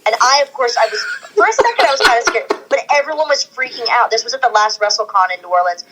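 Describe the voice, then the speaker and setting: A woman guest on a podcast, telling animated stories in casual chat and acting out the quotes. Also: a little high, quick pace, noisy background. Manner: animated storyteller, acts out quotes.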